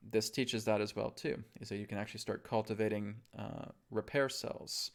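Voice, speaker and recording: A man giving a calm, instructive talk on a live webcast, often checking in with his listeners. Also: on the low side, creaky. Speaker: spiritual teacher.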